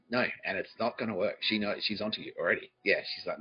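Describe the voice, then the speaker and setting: Profane, laughing comedy podcast host. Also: male voice, deep voice, rapid-fire, lo-fi sound. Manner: profane, laughing, bantering with the live audience. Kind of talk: improvised comedy monologue, relaying a psychic's words.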